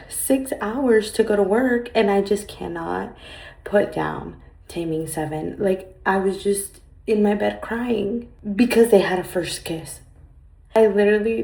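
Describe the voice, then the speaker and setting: A woman's voice: mid-range voice, vocal fry, darkish tone, husky. A young woman in her twenties vlogging casually at home at night about the books she is reading, gushing and dramatic, swearing freely. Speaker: book vlogger. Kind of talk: casual vlog chat.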